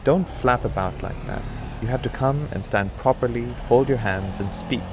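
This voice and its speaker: A man's voice: medium pitch, moderate pace, background noise, natural voice. A man voicing a patient but stern director rehearsing a village play, coaxing and correcting his actors. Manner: coaxing, prompting lines.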